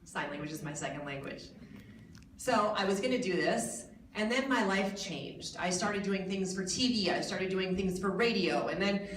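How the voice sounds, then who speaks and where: A woman's voice: mid-range voice, moderate pace, slight background noise. An American woman in her forties giving a keynote speech to an audience in a large hotel hall, telling her story with jokes that poke fun at herself. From United States. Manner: jokey, self-mocking storytelling. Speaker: guest speaker. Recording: echoey hall from a distance.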